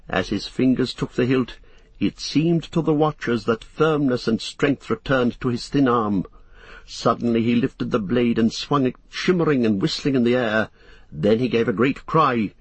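Male narrator, husky voice, dry close sound, steady measured reading. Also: medium pitch, dry recording. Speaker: audiobook narrator. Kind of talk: scripted narration of a fantasy novel.

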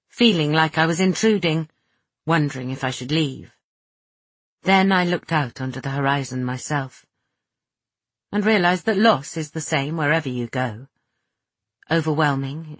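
A woman narrating an audiobook in a slow, soft, measured reading with a husky voice. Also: low-pitched, no echo. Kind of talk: scripted narration.

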